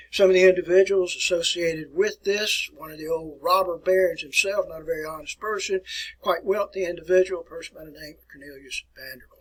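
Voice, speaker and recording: A man's voice: high-pitched, breathy edge, poor audio. A man teaching a recorded history lecture, folksy and rambling, with many fillers and asides to his students. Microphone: document camera with built-in mic.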